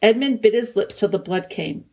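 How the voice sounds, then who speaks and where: A woman narrating a children's novel in a calm, measured audiobook reading. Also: mid-range voice. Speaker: audiobook reader.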